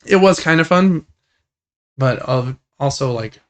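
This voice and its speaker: A young man co-hosting a casual gaming podcast, talking in a relaxed, rambling and enthusiastic way. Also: mid-range voice, unhurried. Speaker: podcast co-host.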